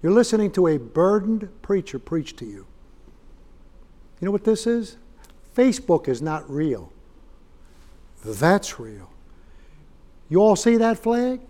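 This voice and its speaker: A man preaching a fiery sermon in a church, folksy and swelling into loud emphatic bursts. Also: sits high. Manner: folksy, rising to shouted emphasis.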